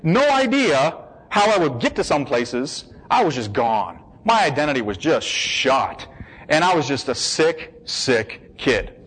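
An American man giving a personal testimony in a lively storytelling manner. He acts out the voices of the people he quotes and repeats words for emphasis. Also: fairly high pitch, measured pace, breathy edge, poor audio. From United States. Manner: emphatic repetition.

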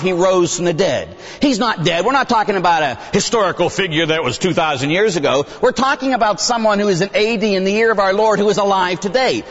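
A middle-aged priest preaches with a lively, swooping delivery, jumping into excited voices as he plays out back-and-forth exchanges. His voice sits a little high for a man. The recording is muffled and carries a long hall echo. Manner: animated, acts out dialogue with kids, bursts into high excited voices. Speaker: Catholic priest. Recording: dull sound with long hall reverb.

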